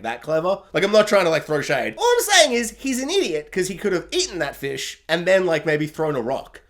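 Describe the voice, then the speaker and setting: A man ranting through a spoilery TV review in casual, sarcastic chat. His pitch swings widely and his tone stays jokey. He keeps breaking off into animated asides. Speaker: TV review host.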